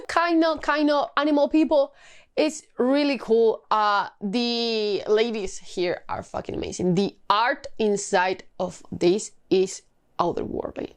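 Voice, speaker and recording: A young woman reviewing graphic novels in a casual vlog, animated and swearing a lot as she rants. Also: a little high, unhurried. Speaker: book vlogger.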